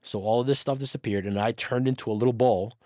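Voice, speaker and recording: A man speaks in casual chat as a podcast guest, telling his story with energy and plenty of swearing. He acts out the lines of the people in it. The sound is dry and close, with his voice sitting at an ordinary male pitch. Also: fast talker, no echo. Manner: animated, swears freely, acts out quoted dialogue.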